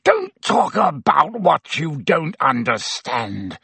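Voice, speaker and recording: Brief: male reader doing a silky, hissing, spiteful middle-aged teacher, husky and slow. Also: a little high, huge pitch swings, sharp tone, no echo, exaggerated voice. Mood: spitting fury. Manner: silky, hissing, rising to shrieks. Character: cold sneering male schoolteacher, middle-aged, vindictive.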